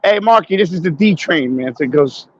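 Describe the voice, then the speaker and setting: A man's voice: on the high side, animated, brisk, crowd noise. A man from Brooklyn chatting casually on a live stream as he walks the city streets, boisterous and profane, laughing often. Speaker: guest streaming while walking. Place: outdoors on city streets, walking. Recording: muffled live-stream audio.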